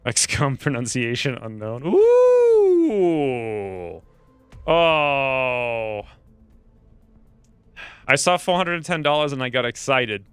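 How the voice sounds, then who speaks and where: A man's voice: medium pitch, wildly swooping pitch, slow pace, long pauses, smooth, no echo, faint music behind. A man giving casual gameplay commentary, joking, self-mocking and thinking aloud about his choices. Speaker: gaming streamer.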